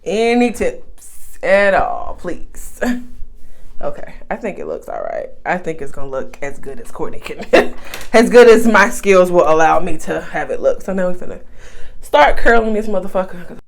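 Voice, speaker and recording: A woman's voice: on the low side, sing-song, normal speed, creaky. A woman chatting candidly and profanely to her viewers while styling a wig, recorded on a phone camera. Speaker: beauty vlogger. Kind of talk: casual chit-chat while styling a wig.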